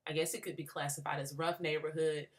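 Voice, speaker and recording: A woman's voice: sits low, flat delivery, fast talker. A young woman from Atlanta, a graduate student giving a thoughtful spoken response to a book, with frequent fillers and restarts.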